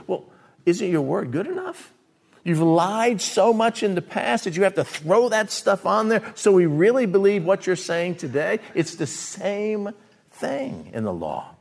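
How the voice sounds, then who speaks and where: A middle-aged man delivers a sermon in a casual, conversational way. His voice sits somewhat high and moves a lot in pitch, from hushed low asides to loud, raised lines. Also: big pitch swings, normal speed, gravelly. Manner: conversational, acts out quoted voices, swings between loud and hushed. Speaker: pastor.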